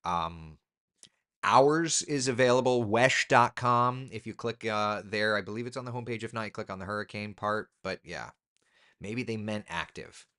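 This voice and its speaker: Hosting a casual live chat, a meteorologist responds to viewer comments with his own opinions at a moderate pace. His tone is pushed and bright, clear and resonant, and it rises sharply in pitch when he stresses a point.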